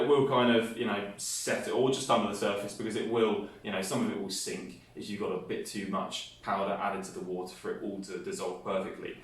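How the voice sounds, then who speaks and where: A man presenting a hands-on science experiment, explaining each step with enthusiasm. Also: medium pitch. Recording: echoey room, mic at a distance.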